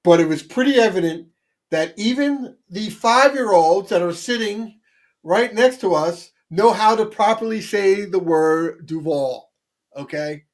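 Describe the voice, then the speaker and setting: High-voiced man chatting sports, animated. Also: measured pace. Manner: animated, rambling with frequent restarts. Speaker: sports podcast co-host. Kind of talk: casual sports talk.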